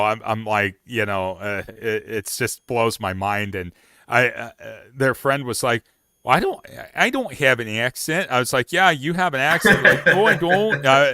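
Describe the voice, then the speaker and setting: A man's voice: fairly low pitch, sharp tone, clear, resonant tone, no room sound, studio quality. A man hosting a casual outdoors livestream, rambling with lots of fillers and restarts. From Oregon. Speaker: livestream host.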